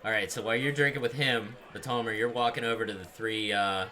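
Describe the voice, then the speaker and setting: A man narrating a tabletop role-playing game as game master, in a relaxed way with frequent fillers. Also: on the low side, fast talker.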